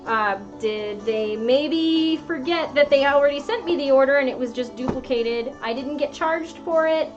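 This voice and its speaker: A woman with a high, bright-pitched voice talks casually as she hosts a home sewing livestream. She is chatty and excitable and laughs easily. The audio is a little dull, and soft music plays faintly behind her. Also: normal speed, hardly any pauses. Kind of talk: casual chat while sewing.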